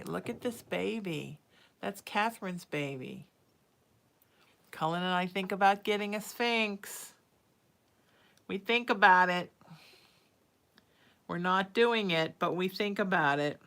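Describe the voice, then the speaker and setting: A woman's voice: on the low side, unhurried, pauses often, a bit bright. Chatty woman hosting a live stream. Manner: chatty, reads out viewer names, coos at her cat. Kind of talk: casual livestream chat.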